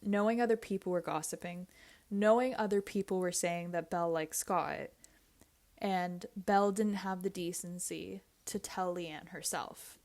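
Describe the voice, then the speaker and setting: A woman's voice: on the low side, fairly even intonation, a little slow, darkish tone. A woman vlogger giving a blunt, opinionated reality TV recap, repeating herself and swearing in casual slang.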